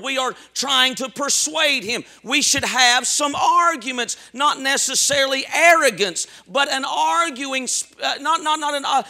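High, bright impassioned male preacher. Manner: impassioned preaching with shouts and sudden soft drops. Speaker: pastor. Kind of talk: sermon.

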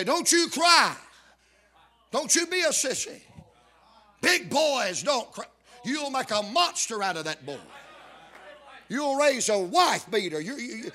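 A man preaching a sermon, repeating call-outs to the congregation and rising into shouted emphasis. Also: very high voice. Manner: builds to shouted emphasis, calls out "are you listening".

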